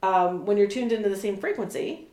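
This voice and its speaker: A woman's voice: mid-range voice, animated, brisk, darkish tone, reverberant. A woman in her thirties chatting casually as an interview guest, full of fillers, restarts and little laughs. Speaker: animal communicator guest.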